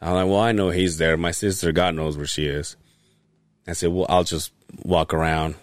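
A middle-aged man hosting a podcast who tells a long story in a casual, animated way, swearing often and laughing as he goes. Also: sits low, normal speed, dry recording, clean studio sound. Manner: animated, profane, laughs while telling stories. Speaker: podcast host.

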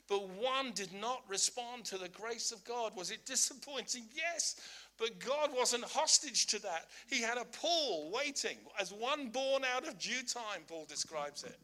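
A man's voice: high voice, very animated, moderate pace, bright, forceful tone. A man preaching a sermon, emphatic, repeating his key lines, with humorous asides.

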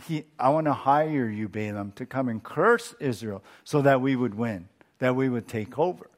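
A man's voice: medium pitch, normal speed, lightly acted. A man playing an ancient king who tries to hire a prophet, speaking in a casual, persuasive way. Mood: persuading.

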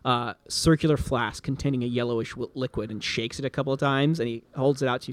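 A man's voice: medium pitch, fairly even intonation, fast talker, few pauses, dry recording. A man narrating a tabletop game as game master, describing scenes with casual fillers.

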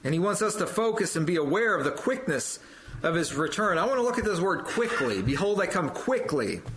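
Fervent male preacher, very animated delivery, lines repeated for stress. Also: high voice, brisk, background noise. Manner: fervent, rising to loud emphatic peaks on quoted scripture; repeats phrases for emphasis. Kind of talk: sermon.

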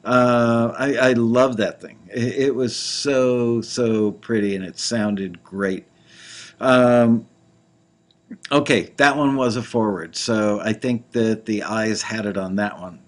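A man hosting a casual talk show, reviewing songs in a rambling, playful way with frequent restarts. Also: lowish voice. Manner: rambling, self-interrupting, playful. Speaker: host reviewing music tracks. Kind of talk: casual chat.

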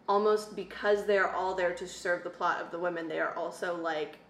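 A woman's voice: lowish voice, moderate pace. Opinionated woman podcaster, echoey room. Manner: animated, opinionated, lots of "like". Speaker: podcast co-host. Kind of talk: casual chat. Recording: echoey room, faint noise.

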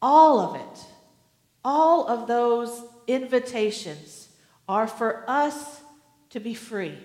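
A woman pastor preaching a sermon in an earnest way, with gentle humor. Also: fairly high pitch, lively intonation, slow, roomy sound, big-room sound.

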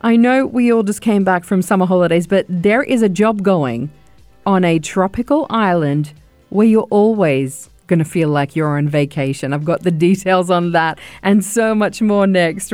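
A woman's voice: medium pitch, darkish tone, no echo. Upbeat woman radio host, dry close sound, faint music under. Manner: upbeat, quick questions and teasers. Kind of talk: radio show presenting.

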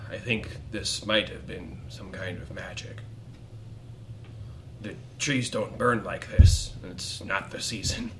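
Earnest male cleric, very deep, quiet and grave; a man voicing him. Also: steady tone, slow, slight background noise, poor audio.

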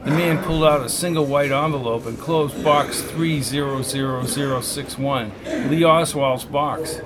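A man narrates an audiobook in a steady, measured way. His voice sits at an average pitch, with faint noise behind it. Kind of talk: scripted narration.

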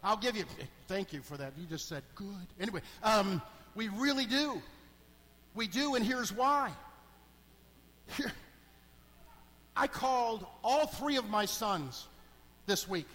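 Middle-aged deacon preaching in church, highish voice, goes quiet then punchy, long echoey hall sound. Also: male voice, slow pace, long pauses. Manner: animated, swings between hushed and emphatic. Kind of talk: sermon.

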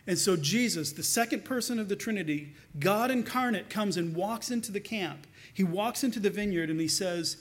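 High-pitched pastor guy preaching, chatty and animated, keeps restarting words. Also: moderate pace. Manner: animated storytelling, colloquial asides; repeats words when restarting. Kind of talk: sermon.

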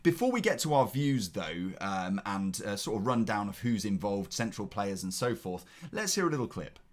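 A man's voice: lowish voice, big pitch swings, moderate pace. A man hosting a film review show, giving blunt opinions in casual chat with his co-host.

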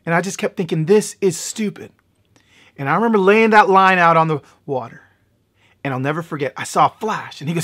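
A middle-aged man preaching a sermon, telling a story and building to loud, excited peaks. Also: a little high, fast talker. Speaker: pastor.

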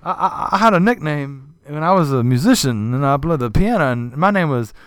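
A man's voice: fairly high pitch, expressive, a little fast, clean tone, no echo, studio quality, voice pushed up, lightly acted. A man voicing an older male piano player who talks in a humble, polite and deferential way.

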